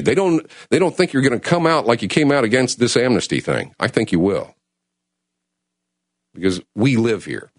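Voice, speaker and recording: A man hosting a call-in talk radio show, speaking with urgent, emotional passion that swings between loud and hushed. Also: medium pitch, dry recording, studio quality. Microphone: studio mic.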